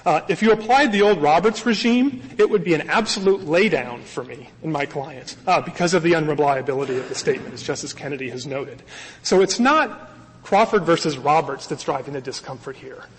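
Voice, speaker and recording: A man, a lawyer, arguing a case before a high court in a formal, earnest and emphatic way, pressing his points. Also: a little fast, slightly rough. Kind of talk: formal courtroom oral argument. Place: large courtroom. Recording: archival courtroom audio with long reverb.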